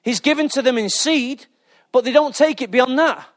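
Pastor guy preaching, really high voice, fired up, keeps asking for amens. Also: moderate pace. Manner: exuberant, calls for responses with "Amen". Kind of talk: sermon.

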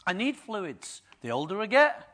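A man pastor preaching a sermon, firing rhetorical questions at the congregation and swinging between quiet and loud. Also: high voice, sing-song, moderate pace.

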